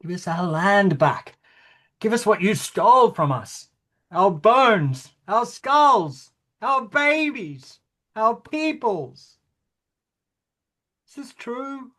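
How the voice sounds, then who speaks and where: A performer acting out a pompous king, bewildered and indignant, who stammers when unsure. The voice moves with lively swings in pitch. It is a rehearsal reading of a stage play. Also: slow, pauses often. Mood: solemn. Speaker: actor in rehearsal.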